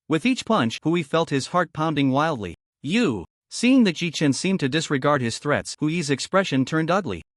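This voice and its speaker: A man narrating a fantasy story recap in a steady scripted read, voicing the characters' quoted lines. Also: on the high side, no room sound, studio quality.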